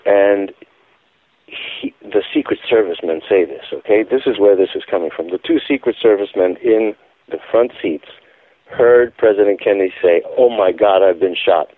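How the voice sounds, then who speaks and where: A man's voice: lowish voice, normal speed, no echo. A man giving a phone-in radio interview, telling his account in an emphatic, insistent way. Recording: tinny phone line, dry.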